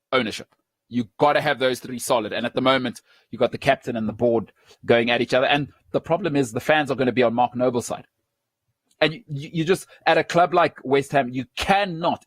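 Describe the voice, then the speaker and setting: A man's voice: medium pitch, no room sound. A South African man hosting a sports talk show, chatty and opinionated, wandering into side stories and laughing at himself.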